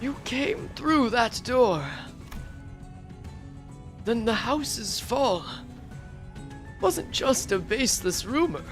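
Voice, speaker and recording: Woman acting out a raspy old female maestro, haughty, slow drawn-out lines, unhurried pace. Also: a little high, animated, soft background music, heavily acted. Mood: menacing.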